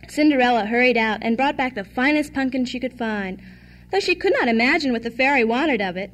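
A woman reads a classic fairy tale aloud in an even, measured manner. Her voice sits high. She paces the narration steadily. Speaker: storyteller.

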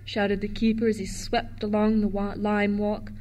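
A woman reading a storybook aloud to children in a gentle, expressive way. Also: mid-range voice, normal speed.

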